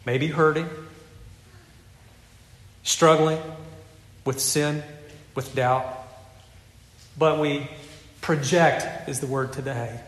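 An earnest male preacher delivers a sermon at an unhurried pace, his voice sitting a little above the usual pitch. He is measured, and he drops to a soft voice to drive points home. The sound is roomy, with a long reverb, as if heard from a distance in a large hall. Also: steady tone.

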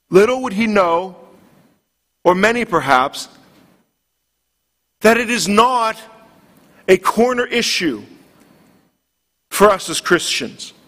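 A man's voice: high voice, a bit bright. A man preaching a sermon, earnest and building in intensity. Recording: long hall reverb.

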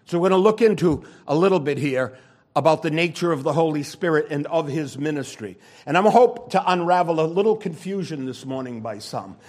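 A man's voice: animated, fairly quick. Older male preacher, emphatic and urgent. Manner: earnest, emphatic, swings between loud urgent exhortation and low quiet asides. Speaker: pastor. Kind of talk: sermon.

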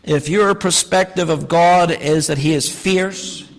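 A middle-aged man preaching a sermon in a folksy, humorous way, dropping to quiet asides and rising to emphatic calls. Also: fairly high pitch, a little slow. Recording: long reverb of a large hall.

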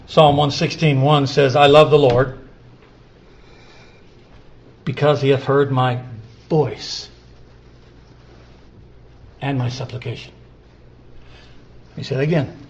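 A man preaching a sermon, repeating scripture phrases and building from quiet, drawn-out lines to loud emphatic peaks. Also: medium pitch, a little hiss or hum.

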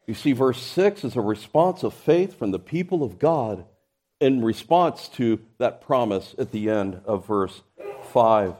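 A man's voice: medium pitch, expressive, a little slow, darkish tone. A man preaching a sermon to his congregation, building emphasis through his points and often restarting mid-phrase. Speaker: pastor.

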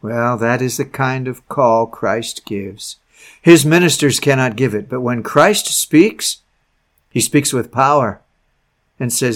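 A man reading an old sermon aloud, preaching earnestly with slow, stretched phrases that sink to a hush at the ends. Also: mid-range voice. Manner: drops to a hushed, soft voice at phrase ends. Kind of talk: read-aloud Victorian sermon.

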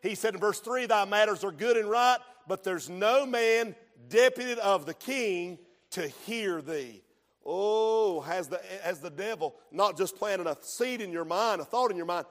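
A middle-aged man preaching a sermon as pastor, dropping to hushed storytelling and rising to shouted exhortation. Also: sits high, unhurried. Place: church sanctuary. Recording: long reverb of a church hall.

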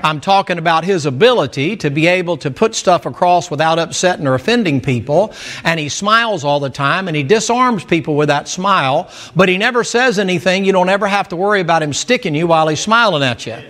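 A man's voice: high-pitched, animated, brisk, a bit bright. A male preacher delivers a sermon in a folksy, storytelling manner. He makes emphatic asides to his listeners, and his voice sits a little above the middle for a man.

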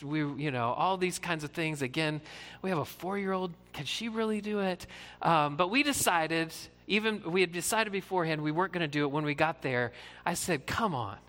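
A man's voice: fairly high pitch, a little fast, a bit bright, long reverb tail. A man who is a pastor, giving an earnest, conversational sermon with frequent fillers.

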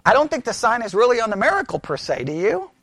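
A man teaching scripture in a conversational sermon, animated and full of rhetorical questions. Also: very high-pitched, fast, no echo. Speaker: pastor teaching.

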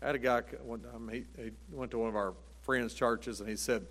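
A man's voice: mid-range voice, fairly even intonation, a little fast, few pauses, a bit bright. A middle-aged man preaching a Baptist sermon in a folksy, emphatic way, with punchy short lines.

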